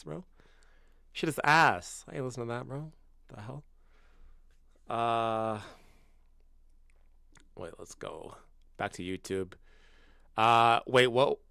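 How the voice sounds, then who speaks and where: A young man in his twenties from Canada streams about football, talking casually to his viewers at a middle pitch. His voice sounds dry and close. He is slangy and blunt, keeps calling people bro, swears freely, and flares up loud and disbelieving. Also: a little slow, vocal fry, long pauses, no echo. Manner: gets loud and incredulous in bursts. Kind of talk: casual livestream chat reacting to viewers.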